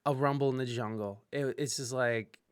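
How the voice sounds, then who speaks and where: A man hosting a podcast, casually telling a profane story with loud panicked outbursts and asides to live-stream viewers. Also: medium pitch, moderate pace, smooth, no echo, studio quality. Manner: animated, profane, swings into loud panicked outbursts when quoting himself. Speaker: podcast host.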